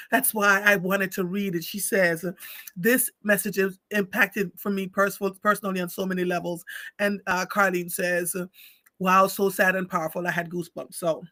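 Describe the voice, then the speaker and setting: High, bright-voiced man reading heartfelt. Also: little pitch movement, no echo. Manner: slow, heartfelt reading with dramatic pauses. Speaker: livestream host. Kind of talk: reading a story aloud, then chatting with viewers.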